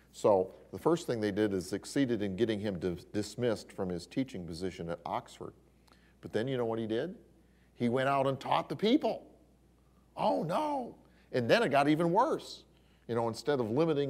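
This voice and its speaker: Male Bible class teacher, slightly low voice, animated lecturing style. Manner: animated storyteller with exclamations.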